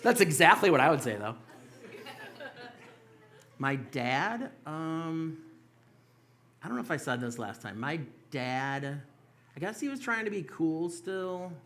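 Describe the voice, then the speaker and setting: Young male stand-up comic, bright tone, crude loose storytelling, club stage. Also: on the high side, big pitch swings, slow pace, pauses often, slight background noise. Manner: loose, profane storytelling with mocking quoted voices. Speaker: stand-up comedian. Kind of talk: stand-up set. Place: small comedy club stage.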